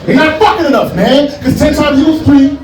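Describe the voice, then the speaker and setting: Brash high-voiced man doing stand-up. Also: a little fast, music in the background. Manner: brash, loud, laughing through punchlines. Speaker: headlining stand-up comedian. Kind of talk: stand-up comedy set. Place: large club room with a live crowd. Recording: echoey room, mic heard from far off, loud crowd.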